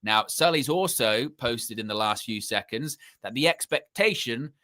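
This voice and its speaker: A man's voice: medium pitch, expressive, moderate pace, bright, forceful tone. A man hosting a live football fan show, chatting casually with sarcastic asides. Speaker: host.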